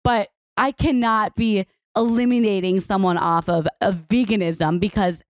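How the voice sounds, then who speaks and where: A woman's voice: medium pitch, fairly even intonation, normal speed, no room sound, studio quality. A young woman co-hosting a casual podcast chat, talking in loose run-on sentences full of "like". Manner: chatty, lots of "like", trails off and restarts. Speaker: podcast co-host.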